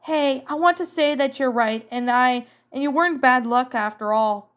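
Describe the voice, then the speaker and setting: A woman's voice: high-pitched, normal speed, fairly bright tone, smooth. A woman reading a sporty teen girl's apologetic lines in a fan story. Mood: remorseful. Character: Lynn, sporty teen girl, remorseful.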